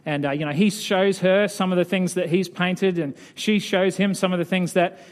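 A man preaching, telling a story in a relaxed, hesitant way with many fillers. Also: high voice, normal speed. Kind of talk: sermon storytelling.

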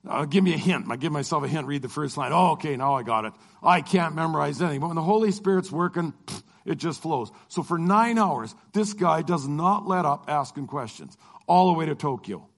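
A middle-aged man, a Christian lecturer, telling a personal travel story and acting out the dialogue. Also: fairly high pitch. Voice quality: animated, acts out dialogue. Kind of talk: storytelling testimony.

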